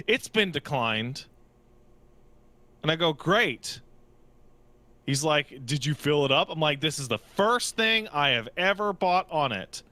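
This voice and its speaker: A man's voice: on the high side, lively intonation, measured pace, pushed and bright. Exasperated man telling a comic rant. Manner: exasperated, acts out other people's lines. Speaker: podcast co-host. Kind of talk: comedic storytelling rant. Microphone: studio podcast mic.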